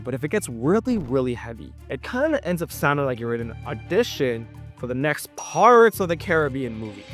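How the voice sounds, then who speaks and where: Lively, playful explainer narrator. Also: medium pitch. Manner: playful, jokey, expressive. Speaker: language teacher and narrator.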